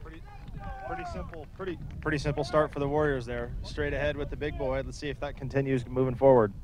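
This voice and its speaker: A man's voice: medium pitch, steady tone, fast, a little mellow, rough recording. A man doing folksy color commentary at an outdoor local football game and telling corny jokes.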